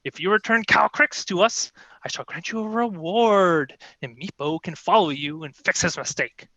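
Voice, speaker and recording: A man's voice: high-pitched, moderate pace, pushed and bright, no room sound, pitched above the performer's own voice, exaggerated voice. Man playing a haughty little kobold queen. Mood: commanding. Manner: imperious, scolding. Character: small, haughty, short-tempered kobold queen. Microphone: video call.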